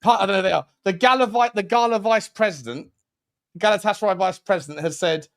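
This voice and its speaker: A man co-hosts a football podcast in loose, jokey chat. His voice sits high for a man. He rambles and corrects himself often as he reads out the news. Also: quick pace, vocal fry. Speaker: podcast co-host.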